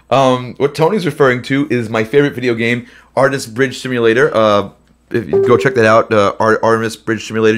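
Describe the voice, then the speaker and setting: A man who is under the weather hosts a live question-and-answer stream from his home studio, chatting loosely with many fillers between songs. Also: mid-range voice. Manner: rambling, filler-heavy chat. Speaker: host. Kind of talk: live Q&A with singing. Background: guitar playing.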